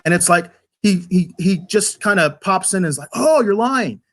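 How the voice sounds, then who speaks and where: A man's voice: high-pitched, moderate pace, a bit bright. A man casually reviewing an episode on a podcast, rambling and stumbling over repeated words as he critiques with exasperation.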